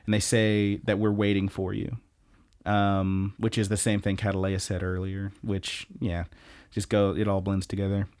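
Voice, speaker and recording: A man co-hosting a podcast, recapping anime episodes in a lively, casual way with lots of ums and restarts. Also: low-pitched, normal speed, smooth, no room sound, studio quality. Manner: animated retelling, many ums and restarts. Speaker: podcast co-host.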